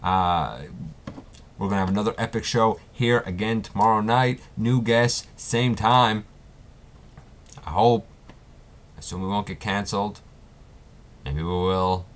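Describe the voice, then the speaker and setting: A man's voice: fairly low pitch, measured pace, pauses often, fairly bright tone. A man as a laid-back robot talk show host. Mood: upbeat. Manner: casual, rambling, chatty with fillers.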